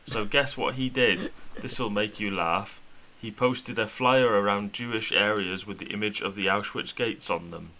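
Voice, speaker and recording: A chatty, gossipy taxi driver rambling on to his passenger in a low voice with a bright, forceful edge, as a man reads him out mockingly. The delivery is sardonic. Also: measured pace, hardly any pauses, slight background noise. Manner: mocking read-out of a tweet.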